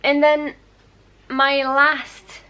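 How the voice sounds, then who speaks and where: Chatty young woman with a high voice. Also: completely flat delivery, very slow, pushed and bright, muffled recording. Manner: chatty and rambling, with light laughs and self-corrections. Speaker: knitting podcast host. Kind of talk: casual show-and-tell chat.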